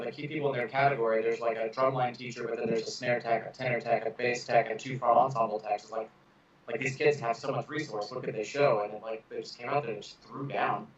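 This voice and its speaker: A man who teaches percussion, telling stories casually on a podcast, with many "like" fillers. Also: medium pitch. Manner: flat, storytelling, heavy use of "like". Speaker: percussion instructor. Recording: echoey distant dull sound with crowd noise.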